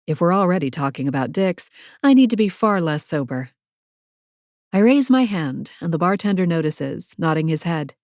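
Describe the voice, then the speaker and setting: A woman narrating a first-person romance audiobook in a measured, wry storytelling manner. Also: lowish voice, a little mellow, no echo, clean studio sound.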